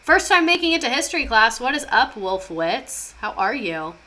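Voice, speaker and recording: A woman's voice: on the high side, big pitch swings, moderate pace, bright, forceful tone. A young woman streaming a casual history lesson, chatty and sarcastic, reading chat aloud as she goes.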